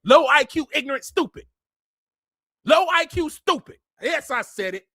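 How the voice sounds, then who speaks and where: Heated high-voiced man ranting. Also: expressive, moderate pace, bright, forceful tone, dry recording, studio quality. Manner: heated, blunt, repeats himself and goes off on tangents. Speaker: online commentator. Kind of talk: ranting monologue walking through a map.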